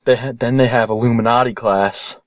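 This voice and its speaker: A young man tells a silly parody story in a rambling, deadpan way. His voice sits at a middle pitch for a man. The recording is dry and close, with no room sound. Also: fairly quick, no echo.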